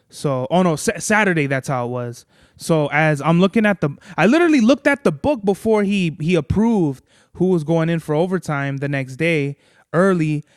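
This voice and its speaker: A man's voice: a little high, clear, resonant tone, no room sound, clean studio sound. A man hosting a podcast, telling a long, rambling story in casual, profane chat. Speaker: podcast host.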